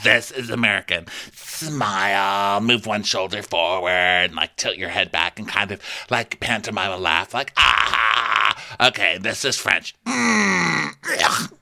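A man's voice: lowish voice, animated, a little slow, gravelly, bright, forceful tone, full character voice. A man putting on the voice of a bubbly, clueless young American woman intern, talking in a gushing, ditzy way. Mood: instructive. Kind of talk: comedic impression in a podcast recap.

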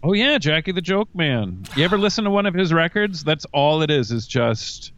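Male guest, expressive and halting delivery, muffled lo-fi sound. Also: on the high side, slight background noise. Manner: hesitant, many fillers and restarts, animated. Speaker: podcast guest. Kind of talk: casual podcast chat. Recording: dull lo-fi sound.

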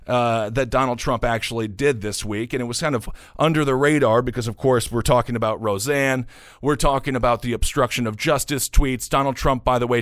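Male host, mid-pitched, sarcastic political commentary, filler-heavy delivery, dry close sound. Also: dry recording. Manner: sarcastic, opinionated, many fillers. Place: New York.

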